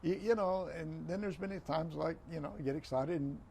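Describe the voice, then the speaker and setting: Older man, interview guest, fast, gravelly, slightly high, animated storyteller. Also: slight background noise. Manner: animated, repeats phrases, acts out quoted dialogue. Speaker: guest, retired football referee.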